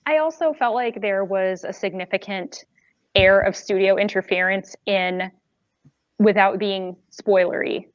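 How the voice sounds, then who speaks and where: A woman on a casual panel podcast, expressive, talking at length with asides. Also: medium pitch, measured pace, no room sound, muffled recording. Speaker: podcast host.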